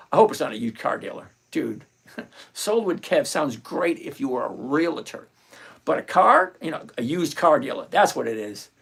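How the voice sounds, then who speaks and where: A livestream host covering stock options chats casually about covered calls, cracking jokes and reading out viewers' names in greeting. The voice sits in the mid range and sounds creaky and husky.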